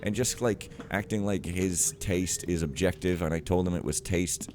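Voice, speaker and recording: A man's voice: sits low, fairly even intonation, normal speed, darkish tone, slight background noise. A man giving casual gameplay commentary, rambling and cutting himself off as he rants. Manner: rambling, self-interrupting, ranting. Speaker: let's player.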